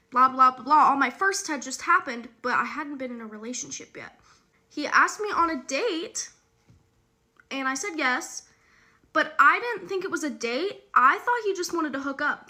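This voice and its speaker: Young woman with a high, bright voice, candid and chatty, talks straight to camera in a storytime. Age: young adult. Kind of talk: casual storytime chat.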